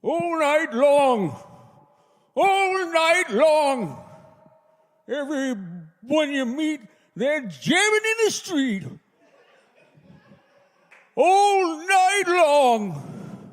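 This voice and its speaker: A man putting on the voice of a grumpy old man singing a pop song, slow and drawn out. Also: very high-pitched, very animated, voice pushed up, heavily acted. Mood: grumbling song. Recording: long hall reverb.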